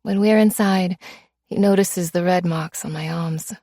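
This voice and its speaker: A woman narrating an audiobook in first person, steady and measured, tough and menacing in the dialogue. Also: on the low side, no echo, studio quality.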